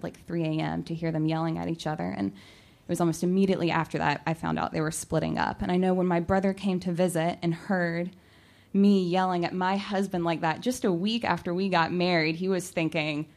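A young adult woman telling a personal story, animated and acting out her own shouting. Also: fairly low pitch, a little fast, vocal fry. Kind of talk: personal story told to an audience.

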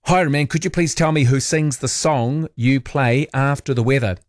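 A man hosting an overnight talk radio show, reading listener messages in a relaxed, chatty, self-deprecating way. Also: mid-range voice, moderate pace, dry recording. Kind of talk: late-night radio, reading listener texts. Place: radio studio. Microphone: studio microphone.

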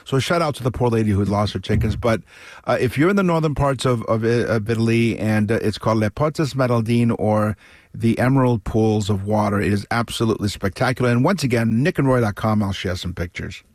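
A man's voice: on the low side, fairly quick, no echo, studio quality. Chatty Canadian radio co-host man. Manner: chatty storyteller, animated with frequent restarts. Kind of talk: casual radio talk.

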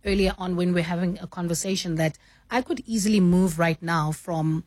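A woman, a news anchor and mentor, explaining her craft in a measured way and often saying "you know". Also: fairly low pitch, fairly even intonation, a little mellow, no echo. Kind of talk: radio studio conversation.

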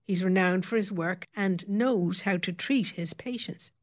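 A woman in her fifties reading aloud, voicing a sharp-tongued female beautician who speaks with pointed, tart politeness. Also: mid-range voice, measured pace, natural voice. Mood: tartly polite. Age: 50s.

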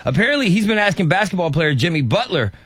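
A husky man jokes his way through morning radio banter, his pitch swinging widely. The sound is dry and close. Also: quick pace, no echo. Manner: animated, joking. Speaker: radio co-host.

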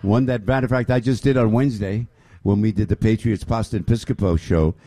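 A man hosting a lively radio show, effusive and often raising his voice. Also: fairly low pitch, a little fast, no echo. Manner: excitable, effusive, raises voice often.

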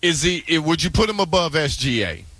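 A man co-hosts a sports radio show with a high, bright voice, relaxed and agreeable as he talks basketball. His voice sounds dry and close, with no room around it. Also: a little fast, no room sound. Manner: relaxed, agreeable, laughs along. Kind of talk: casual sports talk.

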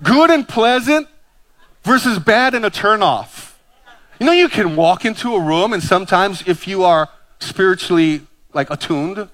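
A pastor in his fifties from Hawaii delivers a sermon in a slightly high man's voice. He keeps things lively with self-deprecating stories and quick jokes between the points. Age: 50s.

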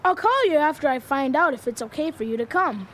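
A woman's voice: high-pitched, animated, brisk, very noisy. A woman voicing an honest, cautious schoolboy in a children's radio drama, earnest and a bit hesitant.

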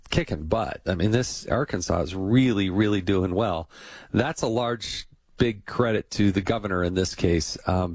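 Chatty low-voiced man hosting a podcast. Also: no echo. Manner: chatty, anecdotal, laughs easily. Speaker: podcast host. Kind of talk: casual interview chat.

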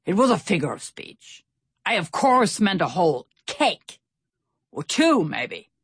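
A woman's voice: lowish voice, big pitch swings, a little slow, husky, dry recording, clean studio sound, full character voice. A woman voicing a stout, kindly old male sailor who talks in a hearty, exclamatory way in a storybook reading. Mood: cheerful.

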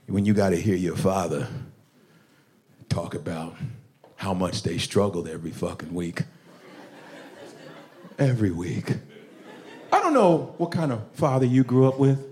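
A man performing stand-up comedy, talking to the audience in an animated, profane way. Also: medium pitch, a little hiss or hum. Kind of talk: stand-up comedy with crowd work. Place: comedy club stage.

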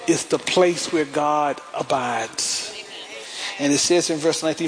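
High-voiced pastor preaching. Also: male voice, measured pace. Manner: call-and-response preaching, rising to shouts. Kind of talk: sermon.

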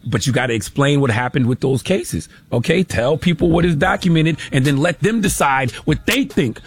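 A man's voice: fairly high pitch, lively intonation, moderate pace, slightly rough. A man hosting a show, delivering a sarcastic, emphatic commentary monologue that keeps driving points home with "okay?". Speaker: radio show host.

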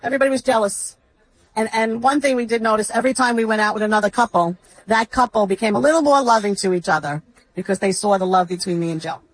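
A middle-aged woman chats candidly in an interview. She tells family stories in a husky voice. The recording is close and dry. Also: medium pitch, fast talker, dry recording, low-quality recording. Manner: chatty, candid, tells funny family anecdotes. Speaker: interview guest, widow. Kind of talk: conversational interview.

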